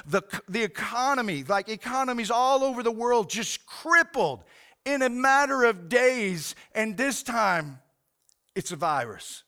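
A male pastor giving an earnest sermon, halting and repeating himself, often saying "man". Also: sits high, animated, pushed and bright.

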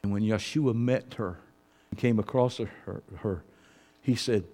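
A male pastor preaching an impassioned sermon, swinging from hushed, low testimony to loud shouting. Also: measured pace.

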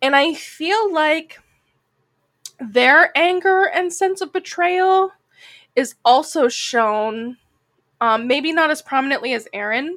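A woman's voice: sits high, slow pace, a bit bright, no room sound. A woman co-hosting a casual anime discussion podcast, chatty and full of "like" fillers, sounding a bit like a Valley girl. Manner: chatty, heavy use of "like" fillers. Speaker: podcast co-host.

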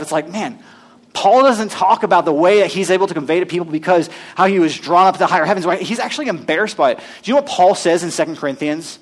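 Man, pastor, sermon, conversational and animated, fairly high voice. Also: fast. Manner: conversational, animated preaching with asides; reads scripture aloud to the congregation.

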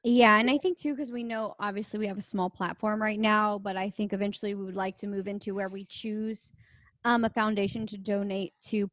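A woman's voice: medium pitch, steady tone, brisk, a bit bright, dry recording. A young woman co-hosting a podcast, talking in a casual, earnest way with lots of fillers. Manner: earnest, chatty, many fillers. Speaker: podcast co-host. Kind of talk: casual chat.

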